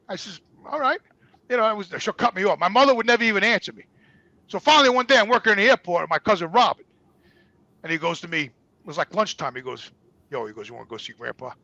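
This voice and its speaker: A middle-aged man with a New York accent tells stories in a raspy, gravelly voice that sits high for a man. His talk is profane and animated, turning loud when he gets worked up. The sound is dry and close. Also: dry recording, highs cut off. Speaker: guest. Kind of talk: casual storytelling.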